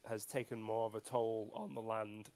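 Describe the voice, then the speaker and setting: A man plays in a casual tabletop role-playing game, thinking aloud in a hesitant way and dropping dry jokes. His voice sits a little lower than most men's. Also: fairly even intonation, moderate pace, a little mellow. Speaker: player.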